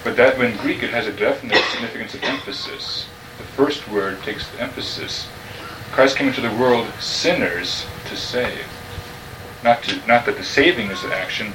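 A man teaching a class on New Testament Greek, patiently explaining each word and checking that the students follow. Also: lowish voice. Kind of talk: classroom lecture. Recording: distant mic, noisy room.

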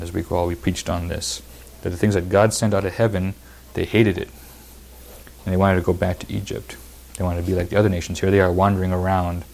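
Man preaching, low voice, reads scripture then drives points home with repetition. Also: a little mellow. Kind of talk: verse-by-verse sermon.

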